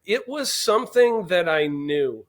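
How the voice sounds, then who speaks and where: A middle-aged man telling a family story as a podcast guest, animated and acting out the dialogue. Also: high voice, measured pace. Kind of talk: storytelling in casual interview.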